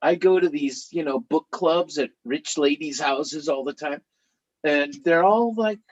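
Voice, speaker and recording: A middle-aged man telling stories to a live audience in an animated, chatty way, laughing now and then as he talks. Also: on the high side, a little slow, lo-fi sound. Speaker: author.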